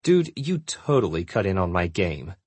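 A man's voice: sits low, sing-song, moderate pace, darkish tone, slightly rough, no echo, full character voice. A man reading an annoyed young male college friend who complains.

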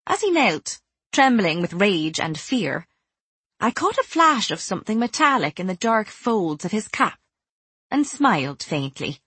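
A woman narrating a first-person audiobook in a cool, measured way, turning quietly menacing in dialogue. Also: medium pitch, big pitch swings, husky, no room sound.

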